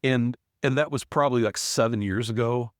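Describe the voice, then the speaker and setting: A man in his forties tells a story at a medium pitch, circling back with fillers and false starts. His voice sounds dry and close, with no room behind it. He talks like a business owner chatting on a podcast. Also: a little fast, no room sound. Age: 40s. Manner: rambling, frequent restarts and fillers. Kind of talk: casual storytelling.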